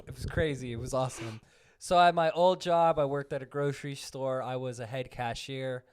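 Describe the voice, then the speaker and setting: A young man co-hosting a podcast, telling stories in an animated casual way and laughing often. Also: mid-range voice, normal speed, smooth. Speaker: podcast co-host. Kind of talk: casual chat.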